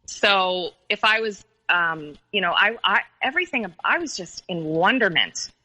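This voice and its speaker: A woman's voice: mid-range voice, lively intonation, measured pace, pushed and bright, rough recording. A woman recounting a painful personal story in an interview, hesitant and full of fillers and restarts. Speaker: guest telling her story.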